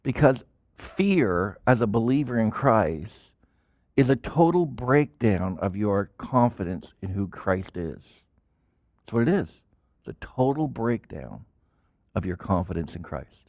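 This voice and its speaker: A man preaching a sermon as a pastor, in animated style with sudden loud bursts and quiet drops. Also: fairly low pitch, a little slow, no room sound, muffled recording.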